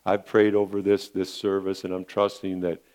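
A man's voice: low voice, monotone, normal speed, a little mellow. A male pastor preaching a sermon in an earnest, repetitive way, often calling his listeners friends.

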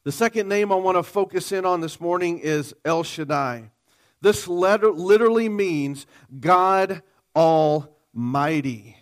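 Slow, emphatic high-voiced male preacher. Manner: emphatic preaching, calls for audience response. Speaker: pastor. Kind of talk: sermon.

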